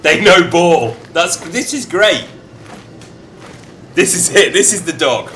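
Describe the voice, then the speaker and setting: A man's voice: fairly high pitch, animated, takes it slowly, sharp tone, slight background noise. A man streaming a strategy game, chatting playfully and reading event text aloud in shifting mock accents.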